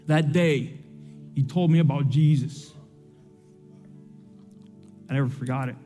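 A young man preaching to a church, telling a personal story with animated swings, then praying softly. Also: unhurried, long pauses, soft background music. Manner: animated storytelling, soft and low in prayer. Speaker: pastor. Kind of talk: sermon with personal story and prayer.

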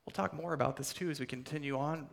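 A man preaching a sermon, retelling a scripture story with dramatic swings between loud emphasis and hushed, almost whispered lines. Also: a little high, steady tone, fast, gravelly. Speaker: pastor.

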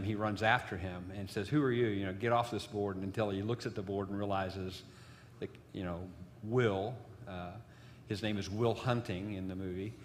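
A man's voice: lowish voice, fairly bright tone, long reverb tail. A man giving a sermon, telling a story in a loose, rambling way with many fillers. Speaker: preacher.

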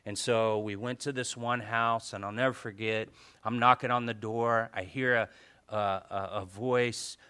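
A male pastor preaching a sermon, telling a story with animated swings between soft asides and loud exclamations. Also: mid-range voice, measured pace, smooth.

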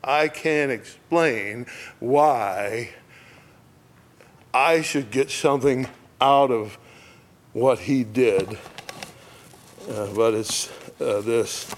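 A man preaching a reflective sermon, lingering over phrases and dropping to a near hush at moments of emphasis. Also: mid-range voice. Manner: slow, reflective, dropping to a hush on key words.

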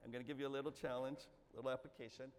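A man's voice: mid-range voice, level tone, racing. A male pastor giving a sermon in a church, earnest and repeating his phrases, with coaxing asides to the congregation. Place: church sanctuary. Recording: reverberant church hall, faint ambience.

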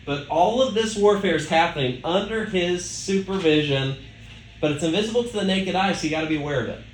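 A man's voice: high voice, a little fast, a little hiss or hum. A male pastor preaching a sermon in a conversational way, asking the listeners rhetorical questions. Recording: echoey room with faint ambience.

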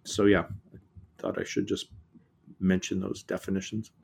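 A middle-aged man, an author and guest in a reflective conversation, speaking earnestly and often halting and repeating words. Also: sits low, monotone, vocal fry, a little mellow, a little hiss or hum.

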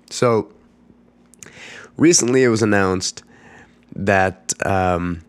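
Deep-voiced congested man with a cold. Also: very slow, dry recording. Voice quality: rough, congested voice. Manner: rambling, many fillers and restarts. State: congested, getting over a cold with coughing fits. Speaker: podcast host. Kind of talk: casual solo podcast monologue.

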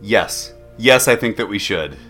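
A man co-hosting a podcast, chatting casually about movies, opinionated and quick to laugh. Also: fairly low pitch, animated, bright, forceful tone, soft background music. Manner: laughing, opinionated, stammers on restarts. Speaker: podcast co-host. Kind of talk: casual movie review chat.

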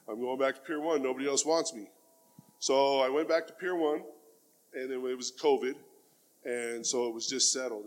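A middle-aged man giving a heartfelt personal testimony in plain, casual speech, often dropping in the word "man". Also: medium pitch. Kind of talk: earnest spoken testimony.

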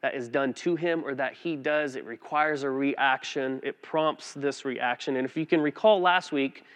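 A man preaching a sermon as pastor, telling a personal story in a conversational, animated way with frequent restarts. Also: medium pitch, normal speed.

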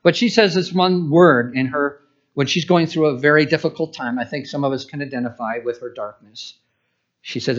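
A male pastor delivers a conversational sermon with a slightly raised pitch. He often asks rhetorical questions and acts out his own inner dialogue. The sound is muffled and lo-fi, like a church recording. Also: normal speed.

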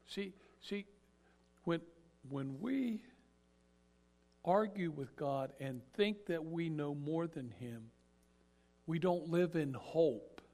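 A man preaching a sermon as an animated storyteller who acts out the characters as he goes. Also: fairly high pitch, slow pace, long pauses.

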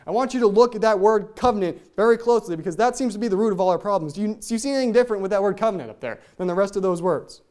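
A Bible teacher walks listeners through scripture in an explanatory study message, stopping often to ask rhetorical questions. Passages are read aloud in old King James wording. The voice sits at an ordinary middle pitch. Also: racing, hardly any pauses, a little mellow.

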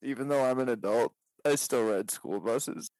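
A man's voice: mid-range voice, moderate pace, darkish tone, no echo. A young man co-hosting a podcast, teasing and laughing through crude banter. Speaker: podcast co-host.

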